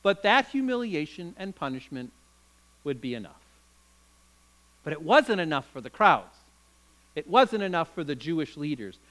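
A man's voice: a little high, big pitch swings, moderate pace, pauses often, a bit bright, rough recording. A man preaching a sermon, retelling a story with dramatic, emphatic delivery.

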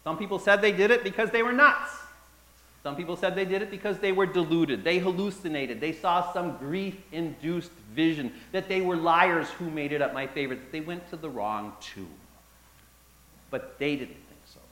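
A man preaching a sermon, dramatic and animated, with emphatic pauses and repetition, addressing the congregation as folks. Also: fairly high pitch. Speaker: pastor. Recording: echoey room.

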